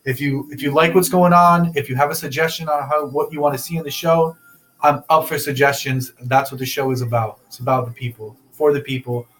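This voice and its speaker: A man's voice: mid-range voice, steady tone, brisk, fairly bright tone. A young man hosting a casual talk show, loose and rambling, laughing often. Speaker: podcast host. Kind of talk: casual chat.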